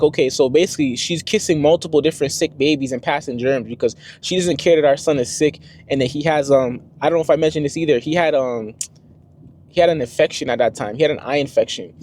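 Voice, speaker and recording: A man's voice: on the high side, a little hiss or hum. A young man and first-time father telling a story to the camera in a casual, slangy vlog style. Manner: slangy, conversational, animated retelling.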